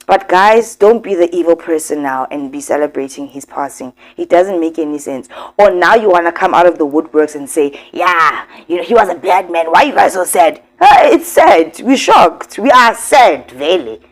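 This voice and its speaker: Woman, commentary vlog host, emphatic, addresses viewers directly, lowish voice. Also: normal speed, hardly any pauses. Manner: emphatic, talks straight to viewers.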